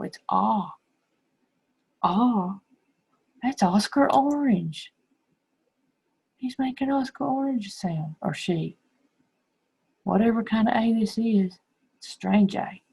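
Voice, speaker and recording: A middle-aged woman teacher explaining phonics to young children slowly and patiently. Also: mid-range voice, gravelly, a little mellow, husky, low-quality recording. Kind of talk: recorded phonics lesson.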